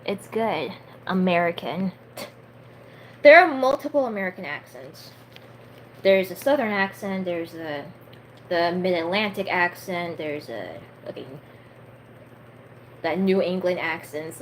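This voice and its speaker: A woman's voice: lowish voice, slow pace, pauses often, a little hiss or hum, low-quality recording. A twenty-year-old woman chatting casually on a live stream and reading a book aloud, full of fillers and stumbling over unfamiliar words.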